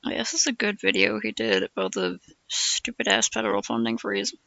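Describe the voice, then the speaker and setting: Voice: medium pitch, wildly swooping pitch, fairly quick, vocal fry, bright, forceful tone, no echo, lo-fi sound. A streamer chatting casually, rambling through asides and laughing often. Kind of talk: casual chat.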